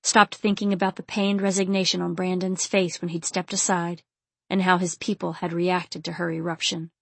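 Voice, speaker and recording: A woman narrating an erotic romance novel in a soft, low, intimate reading. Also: little pitch movement, normal speed, creaky, dry recording. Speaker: audiobook narrator.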